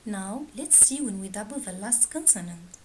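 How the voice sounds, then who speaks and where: A woman teaching a grammar lesson, reading out word pairs slowly and deliberately. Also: mid-range voice, expressive, darkish tone, slight background noise, low-quality recording. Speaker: English teacher.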